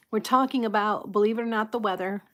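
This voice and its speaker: A woman hosting a casual live chat with her viewers, soft-spoken and apologetic, greeting people and laughing often. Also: mid-range voice. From United States. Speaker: livestream host.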